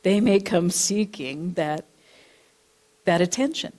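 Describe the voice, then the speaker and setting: This woman minister speaks slowly in a lowish, darkish voice, yet she sounds animated. Preaching in a church sanctuary, she shares a personal counseling story and keeps restating her points in new words.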